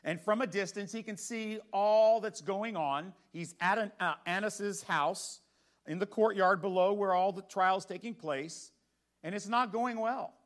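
High-voiced man preaching a sermon. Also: measured pace. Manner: conversational preaching with rhetorical questions to the congregation. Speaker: pastor.

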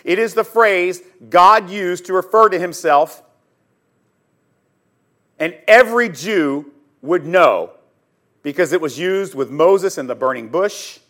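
A man teaching a sermon on scripture, telling the story dramatically and emphatically, swinging between loud and hushed, and putting questions straight to his listeners. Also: high-pitched, takes it slowly, long pauses. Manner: addresses listeners directly with questions. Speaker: Bible teacher.

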